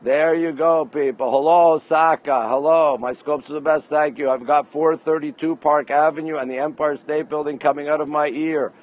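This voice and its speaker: A man's voice: fairly high pitch, steady tone, moderate pace, hardly any pauses, poor audio. A man from Canada hosting a casual livestream on a city rooftop at night, greeting viewers by place name and reading their comments aloud into his phone. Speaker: livestream host.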